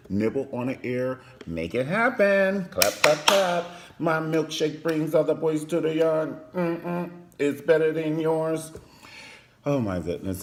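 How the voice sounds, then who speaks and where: A man giving a flamboyant, sassy comedic recap of a TV drama, often jumping into high voices for the characters. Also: darkish tone. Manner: flamboyant, sassy, campy asides; slips into falsetto impressions of characters. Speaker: TV show reviewer.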